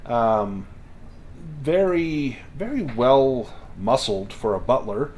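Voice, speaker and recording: Male game master, relaxed, descriptive narration, tabletop game. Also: mid-range voice, slow, a little hiss or hum.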